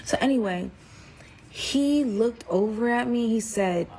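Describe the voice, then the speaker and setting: A woman's voice: a little high, unhurried, slightly rough. Woman telling a story animatedly. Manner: animated, acts out quotes, frequent "like". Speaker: storyteller guest. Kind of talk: casual personal storytelling.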